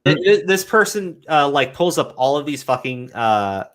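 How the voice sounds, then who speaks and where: A man ranting in heated commentary chat, swearing often and mocking critics in high whiny voices. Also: big pitch swings, normal speed, a bit bright. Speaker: commentary podcast co-host.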